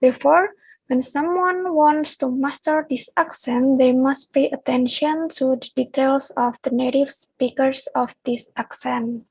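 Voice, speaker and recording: A woman's voice: sits high, steady tone, measured pace, darkish tone, slightly rough, no room sound, poor audio. A young Indonesian woman with an Indonesian accent, reading a prepared class presentation aloud as a student. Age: young adult. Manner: reads a prepared script aloud.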